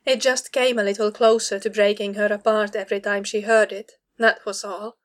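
Woman narrator, audiobook story, measured, even, mid-pitched. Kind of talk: audiobook reading of fan fiction.

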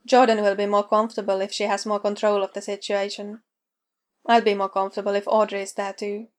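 A woman reading the lines of a quiet, reserved grown man in a story read aloud. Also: mid-range voice, level tone, close to an everyday voice. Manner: quiet, measured.

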